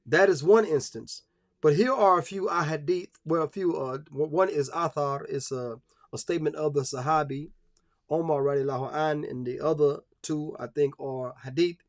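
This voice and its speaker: A man's voice: on the high side, moderate pace. A man giving a live-streamed religious talk, preachy and emphatic, with many fillers and restarts.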